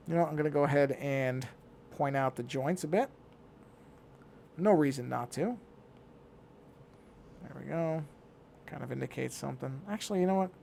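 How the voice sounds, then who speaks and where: A man's voice: fairly high pitch, creaky, darkish tone, slight background noise. A middle-aged man talking casually to himself as he works on a digital drawing, muttering and thinking aloud. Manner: talks to himself while working, muttering. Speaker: digital artist.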